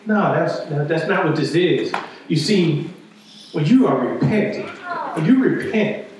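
High-voiced preacher in an echoey hall. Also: male voice, expressive, measured pace, darkish tone, a little hiss or hum. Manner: conversational preaching, frequent "right?" asides. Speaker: pastor. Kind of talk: sermon. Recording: echoey hall, distant mic.

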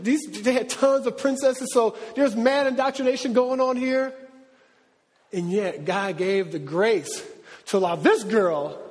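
High-voiced animated preacher in a hall. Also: male voice. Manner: animated, conversational preaching with slang. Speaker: pastor. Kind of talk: sermon. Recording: long reverb of a large hall.

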